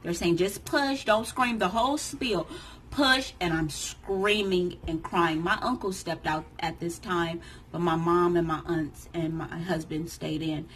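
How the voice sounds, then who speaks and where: A woman in her thirties tells a painful personal story to camera in a lowish voice. She talks emotionally, acting out the lines of the people around her. Faint noise sits under the recording. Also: measured pace, poor audio. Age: 30s. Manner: emotional, animated retelling that acts out others' lines. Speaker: vlogger.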